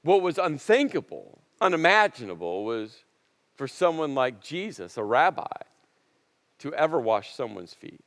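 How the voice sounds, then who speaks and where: A man preaching a sermon as a pastor, telling a story with emphatic repetition and dramatic pauses. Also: mid-range voice, sing-song, fairly bright tone, in a large hall. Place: church auditorium.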